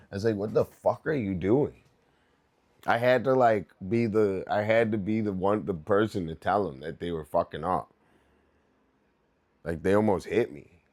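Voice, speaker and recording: A man's voice: fairly low pitch, moderate pace, a little mellow. A young man chatting casually on a livestream as he works on his art, telling rambling stories full of swearing and loose asides. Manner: rambling, profane, loose storytelling. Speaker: artist livestreaming.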